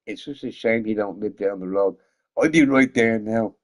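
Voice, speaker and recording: Pijany, hałaśliwy mężczyzna na streamie, przeklinający i powtarzający się. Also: male voice, lowish voice, normal speed. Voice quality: loud, swinging between shouting and mumbling. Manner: swears a lot, laughs often, repeats himself. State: drunk. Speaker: gaming streamer. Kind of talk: rambling casual livestream chat.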